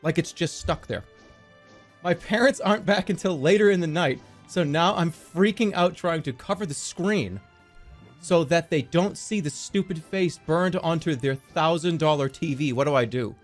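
A man streaming live, chatting casually and reading viewer stories aloud in an excitable, jokey way. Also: fairly high pitch, normal speed. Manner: excitable, jokey, prone to laughing fits. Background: faint music.

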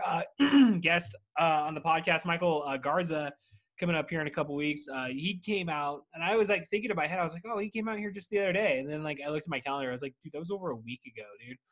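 A man's voice: a little high, fairly bright tone. A man hosting his podcast from home, rambling casually and swearing constantly in a laid-back monologue. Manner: rambling, profane, laid-back stoner chat. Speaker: podcast host.

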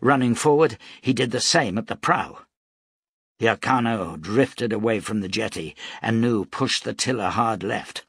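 A man narrating an audiobook in a measured, dramatic storytelling manner. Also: on the low side, a bit bright, husky, no echo, clean studio sound.

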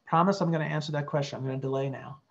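A middle-aged man, a clinical psychologist, teaching a workshop in an earnest way and modelling calm, empathic replies. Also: a little high, racing, creaky, lo-fi sound. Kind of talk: teaching workshop with role-play examples.

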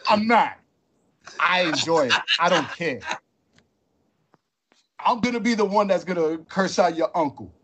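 Man, podcast host, husky, high-pitched, blunt, slangy, heated. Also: animated, measured pace, long pauses, bright, forceful tone. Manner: blunt and confrontational, streetwise slang.

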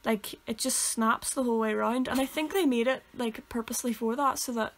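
A young Northern Irish woman co-hosts a relaxed podcast, rambling through stories and correcting herself along the way. Her voice sits fairly high for a woman. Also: a little fast. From Northern Ireland. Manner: rambling, self-correcting storyteller. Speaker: podcast co-host. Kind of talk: casual chat.

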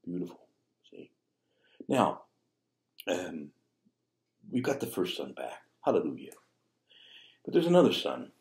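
A man's voice: deep voice, mellow. A man preaching a sermon as a priest, speaking conversationally and tossing in rhetorical asides. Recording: echoey room.

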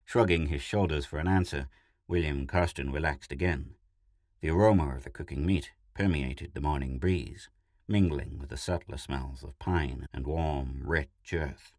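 Deep-voiced man narrating a story. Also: moderate pace, a little mellow, no echo, studio quality.

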